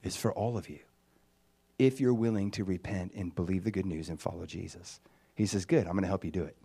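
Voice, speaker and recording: A man giving a personal testimony as a sermon, telling it like a story, dropping to a hushed near-whisper and then rising to loud excitement. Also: low voice, fairly quick, gravelly, breathy edge.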